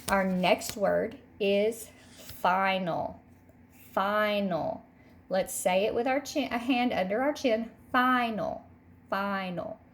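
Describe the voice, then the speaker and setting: A woman teacher leads a recorded phonics lesson for young children. Her pitch sits mid-range, and she speaks at an unhurried, deliberate pace. She repeats each word slowly so the class can follow. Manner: slow, patient, repeats each word twice. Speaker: third grade teacher.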